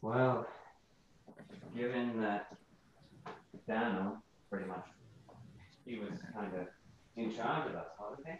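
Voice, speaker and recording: A man voicing a steady male soldier with a put-on British accent, talking softly and trailing off. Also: on the low side, unhurried, slight background noise, lightly acted. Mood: earnest. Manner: soft-spoken, trailing off. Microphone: video call. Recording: distant, roomy, muffled call mic.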